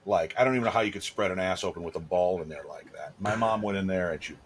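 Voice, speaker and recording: A man's voice: sits low, fast talker, a little hiss or hum. A man in his thirties, co-hosting a podcast, telling crude, candid stories in casual chat with lots of fillers. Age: 30s. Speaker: podcast co-host.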